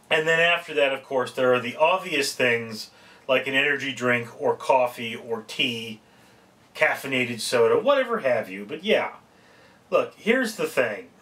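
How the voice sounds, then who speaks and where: Man, mid-pitch, chatty self-correcting vlogger, recorded at a slight distance. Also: a bit bright. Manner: rambling, folksy, self-interrupting. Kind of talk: casual advice vlog.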